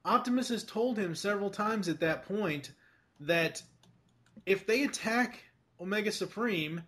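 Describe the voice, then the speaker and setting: A man's voice: sits high, a little slow, pushed and bright. Rambling, enthusiastic man podcaster. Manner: rambling, many fillers and restarts, swears. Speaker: podcast co-host. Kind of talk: casual chat.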